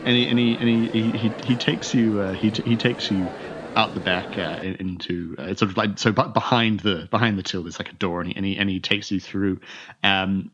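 A man's voice: on the low side, fairly even intonation, brisk, fairly bright tone, muffled recording, slight background noise. A man narrating as game master in a rambling way, with many restarts and fillers.

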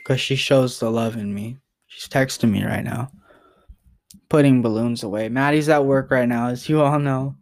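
A young man speaking to the camera in a personal vlog. He stays in a flat, level monotone and keeps breaking off to restart his thoughts. He sounds close to tears the whole way through. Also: mid-range voice. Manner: rambling, halting, repeats himself and apologizes. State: emotional, near tears. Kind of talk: emotional personal vlog message.

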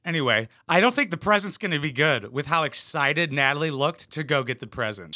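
A young man riffing over a reality show clip, dropping crude jokes in a deadpan, sarcastic tone. His voice is bright and forceful, a little high for a man, and the sound is dry and close. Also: no echo. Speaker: reaction commentator.

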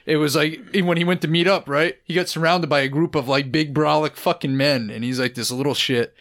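A man's voice: fairly high pitch, steady tone, a little fast, fairly bright tone. A man with a New England accent co-hosting a podcast, telling stories in a rambling, foul-mouthed, casual way. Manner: rambling, heavy swearing. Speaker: podcast co-host. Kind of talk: casual crude chat.

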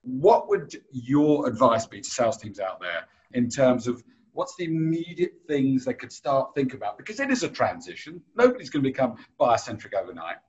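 A man's voice: mid-range voice, very animated, moderate pace, a little mellow, highs cut off. A man hosting a podcast interview, chatty and anecdotal, who laughs easily. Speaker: podcast host.

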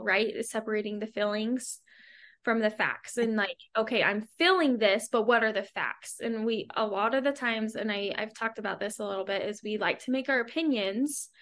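A woman's voice: on the high side, fairly bright tone. A woman hosting a casual podcast conversation, a mother who talks chattily with lots of fillers and frequent laughs. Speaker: podcast host; mother of a young child.

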